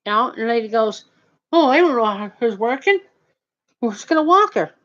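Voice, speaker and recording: A woman's voice: on the high side, animated, normal speed, fairly bright tone. A woman telling a long, indignant story in a rambling way, with many restarts, swearing and "you know what I mean" tags. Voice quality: heavy swearing, nonstandard grammar. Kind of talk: casual storytelling rant. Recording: dull lo-fi audio.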